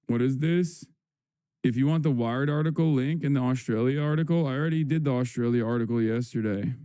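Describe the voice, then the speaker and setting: Man, livestream host, casual sarcastic chat, slow drawn-out headline reading, lots of fillers, smooth voice, dry close sound. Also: medium pitch, mellow, dry recording.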